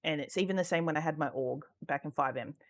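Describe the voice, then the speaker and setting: A woman with a notably low voice talks through a relaxed, unscripted conversation. She swears freely, laughs often and keeps reaching for "like" as she goes. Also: fast. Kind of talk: casual chat about roleplay gaming.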